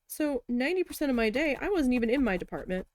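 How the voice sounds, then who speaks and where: A woman's voice: high-pitched, big pitch swings, fast, dry recording. A woman telling a story in casual chat while crafting, chatty and exasperated, swearing now and then. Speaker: craft vlogger.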